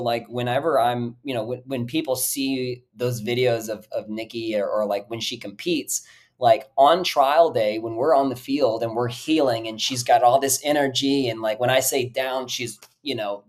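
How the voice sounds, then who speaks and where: Rambling animated man chatting on a podcast. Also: medium pitch, moderate pace. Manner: animated, rambling storyteller with frequent "like" and casual swearing. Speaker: podcast host and dog trainer. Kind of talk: casual podcast chat.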